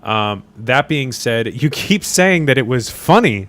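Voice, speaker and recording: A man's voice: medium pitch, measured pace. A man hosting a casual podcast, joking around and often restarting his sentences. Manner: lively, joking, stammering restarts. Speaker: podcast host.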